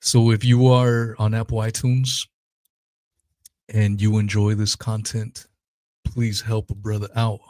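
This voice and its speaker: A man's voice: on the low side, level tone, slow, pauses often, darkish tone, no room sound. A man hosting his own podcast, ranting in a blunt, heated, profane casual monologue. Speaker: podcast host.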